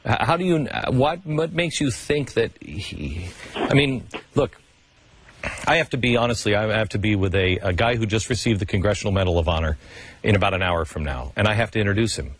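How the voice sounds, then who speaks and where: A man's voice: fairly low pitch, animated, brisk, a little hiss or hum. A male radio host interviewing a guest, talking emphatically and stumbling over restarts.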